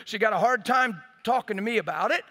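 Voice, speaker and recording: A man preaches in a very high, ringing voice, swinging from loud emphatic bursts to hushed, near-quiet passages. His bright tone carries a long reverb from a large hall. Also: expressive, brisk. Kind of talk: sermon.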